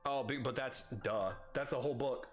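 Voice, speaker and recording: A man's voice: medium pitch, moderate pace, music in the background. A young adult man streaming live, chatting casually, swearing freely, laughing often and reading chat aloud.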